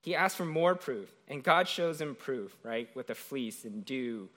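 A man's voice: medium pitch, expressive, a little slow, fairly bright tone. Man preaching a conversational sermon. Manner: conversational, often asks "right?".

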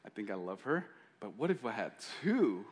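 A man voicing an old king with many wives, musing in a low, wistful tone. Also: sing-song, normal speed.

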